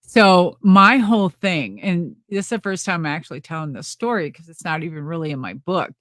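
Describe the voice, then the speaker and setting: A middle-aged woman rambles through a backstage story, laughing often and acting out what others said. Her voice sits low for a woman. The sound is dry and close. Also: expressive, a little fast, a bit bright, no room sound. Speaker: interview guest. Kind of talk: casual storytelling interview.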